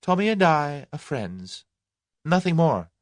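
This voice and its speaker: Man doing a young woman, proud and quick-tempered, sharp retorts, raised pitch, lively swings. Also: no room sound, studio quality. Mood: spirited.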